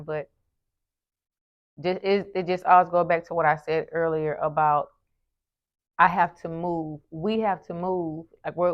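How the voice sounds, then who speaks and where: Earnest woman vlogger, muffled audio. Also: lowish voice. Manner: earnest, animated storytelling with frequent restarts. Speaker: lifestyle vlogger and event host. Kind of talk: casual talk to camera. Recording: muffled lo-fi sound.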